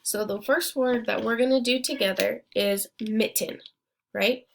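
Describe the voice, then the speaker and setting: A woman's voice: on the high side, measured pace, gravelly. A young woman teaching a phonics lesson, encouraging her students and breaking words into syllables one at a time.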